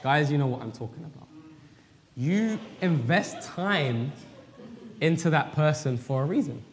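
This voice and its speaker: A man's voice: a little high, lively intonation, unhurried. A man co-hosting a faith-based relationship talk, frank and speaking straight to the men listening. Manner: frank, addresses men directly. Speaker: co-host. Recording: reverberant hall.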